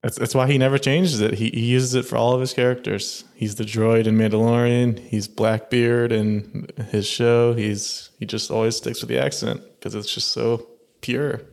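A man co-hosting a film podcast, relaxed and joking in casual chat. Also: medium pitch, normal speed, gravelly. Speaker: podcast co-host.

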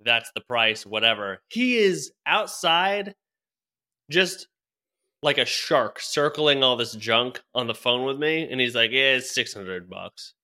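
A man's voice: mid-range voice, expressive, slow pace, bright, forceful tone. A young man telling a rambling story in casual chat, full of fillers, restarts and laughs. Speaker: podcast co-host telling a story.

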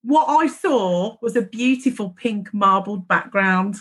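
A woman's voice: mid-range voice, lively intonation, measured pace, fairly bright tone, husky. A woman from Birmingham co-hosting a podcast, chatting casually and playfully, teasing her co-host. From Birmingham, England. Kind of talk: casual chat.

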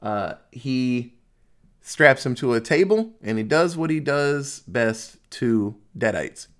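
Guy loosely retelling a movie, jokey, swears a lot, average pitch. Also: animated, takes it slowly, a bit bright. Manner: loose and jokey, swears freely, laughs at the story. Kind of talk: casual movie plot recap.

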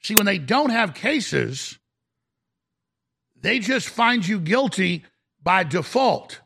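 A man's voice: high-pitched, very animated, slow, creaky, noisy background. A man hosting a talk radio show, delivering an indignant, mocking rant. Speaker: radio host.

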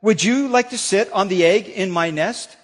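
A man's voice: high-pitched, moderate pace, in a large hall. A pastor voicing a lazy, bored female bird who begs to be let off her nest, in a sing-song, pleading way. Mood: bored whining.

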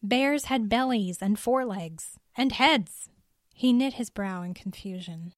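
Calm woman narrating a story. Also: medium pitch, unhurried, no echo, clean studio sound. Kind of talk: scripted narration.

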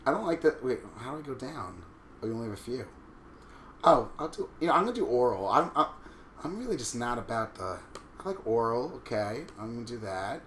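A man in his thirties with a Long Island accent trades crude, campy wisecracks in easygoing chat. His voice is bright and forceful, and the room around him rings with echo. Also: medium pitch, sing-song, brisk, a little hiss or hum. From Long Island, New York. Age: 30s. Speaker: host signing up for a website. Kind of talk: casual joking chat.

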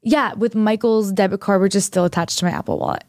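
A young woman co-host tells a story on a podcast, chatting casually and voicing both parties in each exchange. She speaks fast in a mid-range, slightly mellow voice, with studio-quality sound and no echo.

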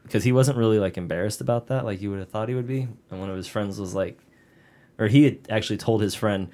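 Male podcast co-host, lower voice, casual storyteller with wry asides. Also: fast talker, dark tone. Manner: casual, joking asides while reading a story. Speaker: podcast co-host narrating a case. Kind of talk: casual podcast chat with read narration.

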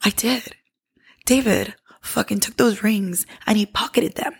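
A woman podcast host telling a personal story in a casual, candid, heavily profane way, animated and lively. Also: medium pitch, unhurried, creaky, slightly rough.

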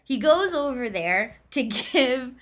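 A woman's voice: high voice, big pitch swings, slow pace, fairly bright tone. A young woman co-hosting a podcast, telling a story in casual chat with lots of "like" and quoted dialogue. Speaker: podcast co-host.

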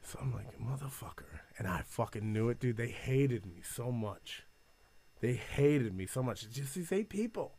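A man's voice: medium pitch, lively intonation, normal speed, mellow. A man who does stand-up, telling a story in casual podcast chat, swearing and laughing as he goes. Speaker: stand-up comedian. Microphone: studio mic on camera.

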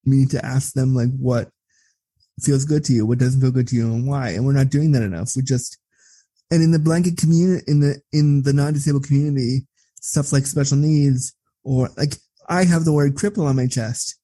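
Blunt, profane man with a husky voice. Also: mid-range voice, a little fast, no echo. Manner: blunt and profane, animated when telling stories. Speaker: interview guest. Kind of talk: candid conversational storytelling.

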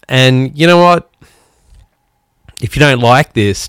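A male podcast host, a musician from outside the United States, delivers an angry monologue, blunt and full of swearing, with heavy sighs in the pauses. His mid-range voice is a bit bright, clear and resonant. The studio sound is clean, with no echo.

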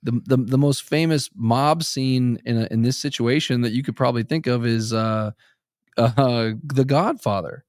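A man's voice: medium pitch, normal speed, a little mellow, no echo. Dry-sounding chatty male host. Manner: chatty, fills gaps with "uh". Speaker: podcast host. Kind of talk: casual interview chat.

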